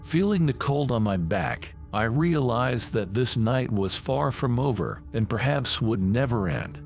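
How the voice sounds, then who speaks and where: Gravelly man narrating a horror story. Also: medium pitch, lively intonation, measured pace, faint music behind.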